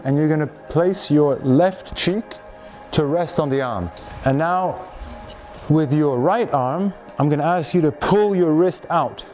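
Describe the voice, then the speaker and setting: A man guiding a group through slow shoulder stretches and breathing, calm and instructive, often checking in with questions. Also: on the high side. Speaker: movement coach.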